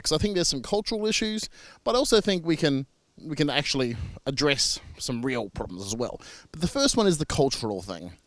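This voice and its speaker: A man's voice: mid-range voice, a bit bright, no echo. A man from Australia with an Australian accent, a marriage celebrant talking casually and reassuringly to camera with frequent fillers and restarts.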